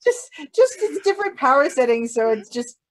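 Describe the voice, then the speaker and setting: A woman's voice: high voice, very animated, moderate pace. A woman playing in a tabletop game, making dry, teasing remarks. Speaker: player. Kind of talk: tabletop role-play chat.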